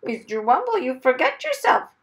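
A woman doing a high haughty scolding parrot. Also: wildly swooping pitch, normal speed. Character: prim bossy talking parrot, haughty scold.

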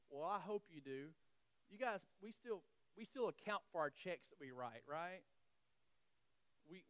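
A male pastor delivers a sermon with a lively, swooping pitch, leaning hard on repeated phrases. He speaks in a folksy, self-deprecating way to his congregation. The sound is dry and close. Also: smooth, no room sound, poor audio. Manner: animated, emphatic, repeats key phrases.

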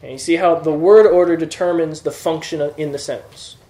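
A man's voice: on the high side, fairly even intonation, a little fast, mellow. A man teaching a classroom lesson, explaining patiently and checking that students follow. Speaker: Greek teacher. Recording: echoey room.

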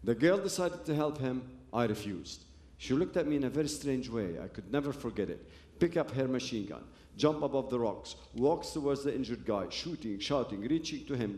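Speaking a little fast with lively intonation, this man shares his personal testimony before an audience. His medium-pitched voice is slightly mellow and the sound is roomy, while his earnest telling stumbles through broken phrases and restarts.

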